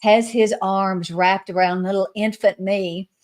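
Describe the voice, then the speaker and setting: A woman guest sharing a spiritual vision in an earnest storytelling way, often dropping to a soft, slow hush. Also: mid-range voice, fairly even intonation. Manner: soft, hushed and slowed when quoting; earnest, with fillers and restarts.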